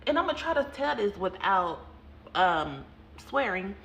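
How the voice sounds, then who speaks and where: A woman who owns a hair salon, telling a story to her viewers in an animated, chatty vlog style and calling them y'all. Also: medium pitch, unhurried, gravelly, a little hiss or hum. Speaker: salon owner and hairstylist. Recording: roomy echo.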